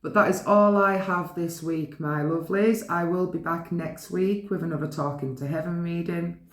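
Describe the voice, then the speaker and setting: A woman giving a pick-a-card reading, gently and affectionately reading the card messages aloud to her viewers. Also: lowish voice, steady tone, normal speed, roomy sound. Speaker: tarot card reader.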